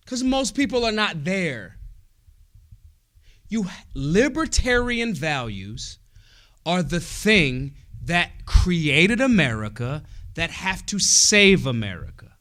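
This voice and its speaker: Fiery, high-pitched man giving a profane speech. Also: big pitch swings, takes it slowly, long pauses. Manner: profane, emphatic, swings between shouts and low asides. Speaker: convention speaker. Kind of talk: rousing political speech. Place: convention hall.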